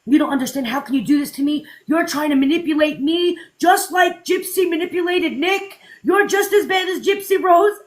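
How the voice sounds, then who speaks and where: A woman's voice: high voice, steady tone, rapid-fire, hardly any pauses, dark tone, natural voice. A woman voicing a clingy, obsessive female fan who pleads and accuses, insisting the two of them are friends. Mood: accusing.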